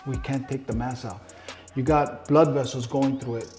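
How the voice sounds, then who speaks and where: A man's voice: medium pitch, fairly even intonation, normal speed, a little mellow, faint music behind. A middle-aged man telling his story in a casual interview, blunt and heavy on swearing, acting out the people he quotes. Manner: profane, blunt storyteller who acts out quoted dialogue.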